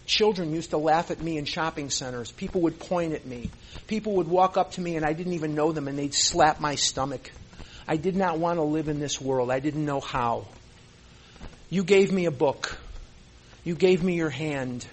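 High-voiced man giving an emotional talk. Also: moderate pace, darkish tone, slight background noise. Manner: earnest, repeats phrases for emphasis; emotional, close to tears. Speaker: recovery meeting speaker. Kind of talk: impassioned speech to a meeting.

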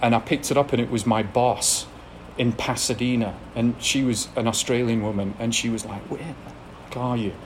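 A man's voice: medium pitch, fairly even intonation, moderate pace, few pauses, noisy background. A man with an English accent telling a frank, self-deprecating personal recovery story to an audience, laughing now and then between blunt details. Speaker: speaker sharing a recovery story. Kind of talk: candid personal testimony to an audience.

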